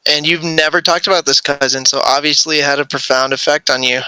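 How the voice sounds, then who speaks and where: Male podcast host, very bright, crisp voice, playful teasing delivery, dry close sound. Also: fairly high pitch, fast talker, no echo, poor audio. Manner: joking, teasing, animated storyteller. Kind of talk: casual chat.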